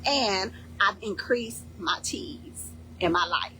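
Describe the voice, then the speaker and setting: A woman leading a faith-based fasting program in casual instructional talk, emphatic and repeating key points with "okay?". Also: mid-range voice, bright, forceful tone, a little hiss or hum, poor audio.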